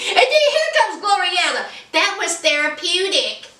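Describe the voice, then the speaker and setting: A woman's voice: very high voice, animated, slow, long pauses, sharp tone, reverberant, recorded from a distance. A woman giving a casual, sassy recap of a reality TV episode, acting out the people she quotes and laughing often. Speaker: reality TV reviewer.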